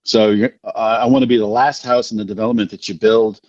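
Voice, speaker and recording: A man's voice: fairly low pitch, fast talker, dry recording. A middle-aged man from New Jersey, telling long rambling stories with self-deprecating humor as a podcast guest. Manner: rambling, animated anecdotes with self-deprecating laughs. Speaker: podcast guest, recovery speaker. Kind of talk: casual storytelling. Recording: dry, dull lo-fi audio.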